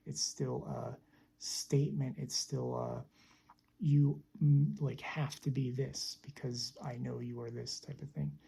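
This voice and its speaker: A woman giving a slow, reflective spiritual teaching talk, deliberate and repeating phrases for emphasis. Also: very deep voice, vocal fry, mellow, breathy edge.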